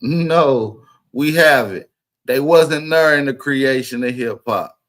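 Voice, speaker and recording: A man's voice: medium pitch, takes it slowly, a bit bright. A man hosting a live reaction commentary, stopping clips and hammering his points by repeating key phrases.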